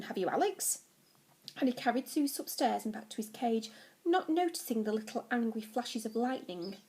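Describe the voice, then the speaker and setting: A woman teacher reading a children's novel aloud to her class, telling it in a lively way. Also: fairly high pitch.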